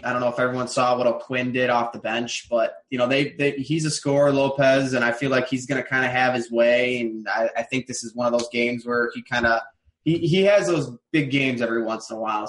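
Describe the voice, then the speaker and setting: A man giving casual sports picks as a podcast guest, relaxed and repeating words as he thinks. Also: medium pitch, echoey room.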